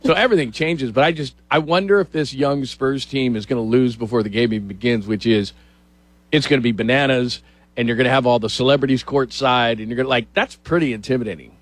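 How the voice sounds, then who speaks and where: A man's voice: mid-range voice, fast, no echo. Chatty man talking sports, dry sound. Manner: chatty storyteller, animated asides. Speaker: sports talk show host. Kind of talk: casual sports talk.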